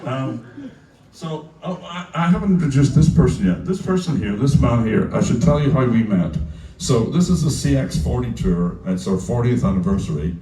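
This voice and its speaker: Irish male musician, mellow, animated storyteller, heard from a distance in a roomy club. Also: mid-range voice, moderate pace. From Ireland. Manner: animated, acts out voices in quotes, laughs often. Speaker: musician telling anecdotes on stage. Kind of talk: casual onstage storytelling. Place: music venue stage.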